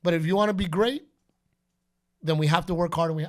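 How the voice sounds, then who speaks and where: A man's voice: a little high, a little fast. A middle-aged man hosting a podcast, telling stories in casual chat and acting out quotes and announcer calls. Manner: animated storytelling, acts out quotes and announcer calls. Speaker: podcast host.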